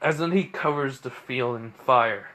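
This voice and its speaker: A man's voice: mid-range voice, measured pace, bright, forceful tone, slight background noise. A man improvising a fan-fiction story aloud, rambling with many fillers and self-corrections.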